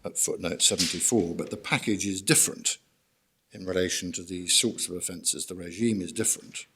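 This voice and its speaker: A man, a barrister presenting measured, formal legal argument in a court hearing. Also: sits low, pushed and bright, a little hiss or hum. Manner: measured, formal, guides the bench through documents.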